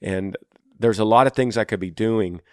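Earnest low-voiced man giving podcast advice. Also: normal speed, darkish tone, smooth, no echo, clean studio sound. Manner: earnest, encouraging, folksy, calls listener brother. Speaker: podcast host. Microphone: close studio microphone.

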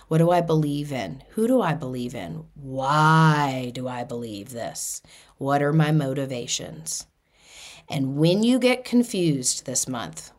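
A woman hosting a spiritual self-help podcast, talking earnestly in long lists and rising into bright excitement when she quotes herself. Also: low voice. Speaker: podcast host.

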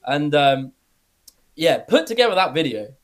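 A young British man chatting casually as a podcast guest, rambling, filling every pause with "like" and swearing easily. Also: a little high, sing-song. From Britain. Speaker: guest YouTuber.

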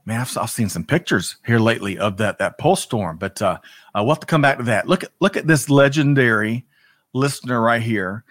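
A male host greets viewers by name, upbeat and chatty, often tripping over his words. His voice sits at a middle pitch. The sound is dry, with no room echo. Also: animated, fairly quick, a bit bright. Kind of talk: livestream talk show.

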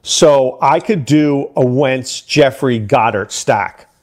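A middle-aged man talking through fantasy football picks as an analyst, animated, with quick asides and repeated words. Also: mid-range voice.

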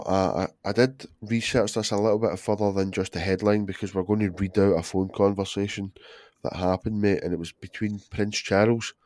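A man's voice: lowish voice, a little mellow, no room sound, clean studio sound. A man in his thirties co-hosting a podcast, with sweary, laughing, loosely phrased banter. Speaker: podcast co-host. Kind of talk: casual chat.

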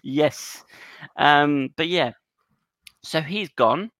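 A man's voice: on the high side, extremely slow, a bit bright, no echo. A man co-hosting a casual football podcast, joking and laughing often as he talks through the week's news. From Cyprus. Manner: jokey, laughs often, punning. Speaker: podcast co-host.

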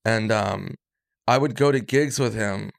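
Male comedian guest spinning anecdotes, animated quoting, dry studio sound. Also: lowish voice, unhurried, vocal fry, no echo. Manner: animated storyteller acting out quotes. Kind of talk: casual storytelling.

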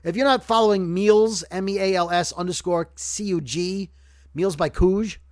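High-voiced man, rambling podcast host. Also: moderate pace, no echo, studio quality. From Brooklyn, New York. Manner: rambling, joking, self-correcting. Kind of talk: casual podcast chat.

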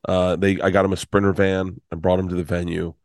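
A man's voice: deep voice, flat delivery, brisk, a little mellow, no room sound, studio quality. A man in his fifties, a comedian guest telling a rambling story full of restarts and swearing. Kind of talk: storytelling in conversation.

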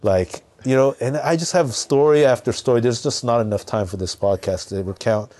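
A man from Southern California, a podcast guest, telling a personal story in a casual, animated way with lots of fillers. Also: mid-range voice, normal speed.

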